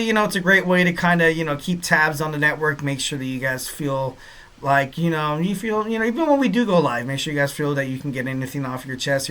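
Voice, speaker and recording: A man's voice: on the high side, a bit bright. A man hosting a wrestling podcast in a casual, rambling, upbeat way, full of fillers and repeated catchphrases. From Southern California. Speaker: podcast host.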